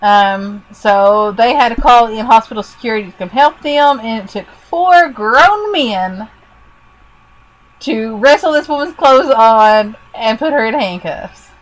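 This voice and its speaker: Reading odd news items aloud in casual podcast chat, this Kentucky co-host sounds playful and gently teasing. Her pitch is a little high with lively intonation, and she talks a little slowly over a rough recording.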